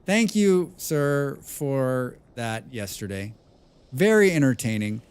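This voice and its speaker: A man's voice: mid-range voice, sing-song, slow, darkish tone, clear, resonant tone. A man streaming a game, thinking aloud and chatting casually with viewers, swearing freely. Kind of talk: casual gameplay livestream chat.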